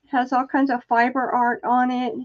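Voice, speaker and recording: A woman's voice: high-pitched, level tone, normal speed. An older woman casually chatting on a live stream, greeting viewers by name and trailing off as she searches for things. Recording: dull lo-fi stream audio.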